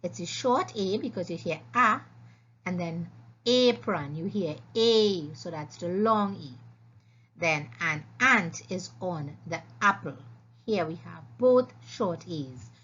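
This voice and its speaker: A woman's husky voice walks young learners through a phonics lesson at an unhurried pace. She sounds every vowel out carefully and repeats each one. The recording is dull and lo-fi, like a home voice-over. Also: lowish voice, lively intonation, fairly bright tone. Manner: slow, clear, instructive, repeating sounds. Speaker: teacher.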